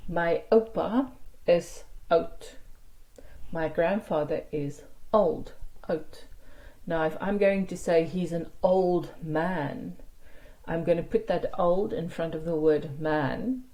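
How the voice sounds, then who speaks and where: A woman teaching a language lesson online, explaining grammar and sounding out example words slowly and carefully, with quick asides. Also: on the low side, darkish tone, low-quality recording.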